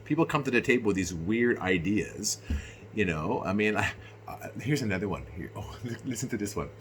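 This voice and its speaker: A middle-aged man from Canada, venting to camera in an unscripted rant, animated and indignant, drifting from low musing into loud, exasperated outbursts. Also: a little fast, slight background noise. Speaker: vlogger.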